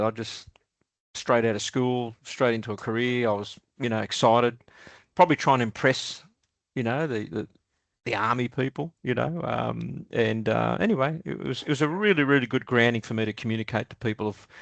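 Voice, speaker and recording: A man's voice: mid-range voice, normal speed, gravelly, dry recording. Chuckling Australian man telling yarns. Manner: rambling, chuckling, many ums and restarts. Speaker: podcast guest. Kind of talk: casual storytelling interview.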